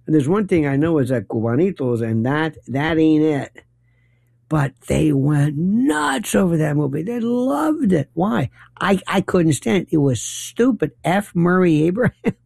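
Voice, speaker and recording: A man's voice: fairly high pitch, gravelly, mellow, no room sound. A middle-aged man hosting a late-night talk radio show, delivering a rambling, opinionated and wry monologue.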